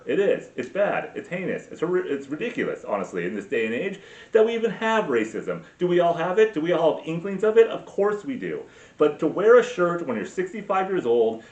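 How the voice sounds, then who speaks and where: A man hosting a podcast, ranting crudely and sarcastically, full of swearing and filler words. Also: a little high. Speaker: podcast host. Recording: roomy, distant, dull sound.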